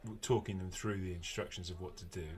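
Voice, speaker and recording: A British podcast host chats easily from home over a remote call, mixing casual talk with a scripted episode intro. His deep, steady, slightly mellow voice moves fast, dotted with restarts and fillers.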